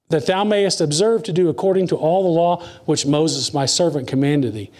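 A man preaching a sermon, reading scripture slowly and dropping to hushed asides between emphatic lines. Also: a little high. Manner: reads scripture slowly and deliberately.

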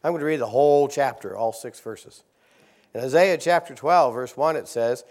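A middle-aged man preaching a sermon, leading his congregation in call-and-response Bible reading and rising from soft-spoken asides to loud, emphatic exhortation. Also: medium pitch, moderate pace. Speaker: visiting preacher. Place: church sanctuary.

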